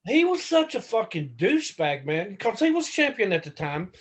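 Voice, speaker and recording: A former pro wrestler, appearing as a podcast guest, tells stories casually at a moderate pace in a voice that sits high. He's profane and animated, acting out the quotes.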